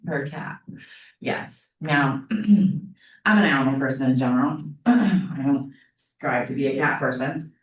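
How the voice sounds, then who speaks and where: A woman's voice: very deep voice, measured pace. A middle-aged woman teaching a psychology class in a casual, chatty storytelling way, often checking in with her students. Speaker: psychology instructor. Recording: echoey classroom heard from a distance.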